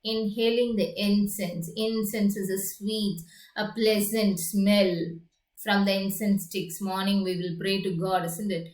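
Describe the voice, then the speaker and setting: A woman teacher who explains a story slowly and keeps checking in with her students. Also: mid-range voice, steady tone, a little mellow. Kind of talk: classroom lesson. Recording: echoey room.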